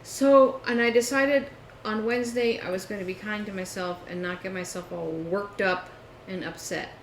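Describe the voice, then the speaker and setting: Co-host, woman, animated storyteller, echoey room. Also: mid-range voice, moderate pace. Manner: animated storytelling, acts out phone calls. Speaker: podcast co-host. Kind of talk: casual chat. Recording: echoey room with faint noise.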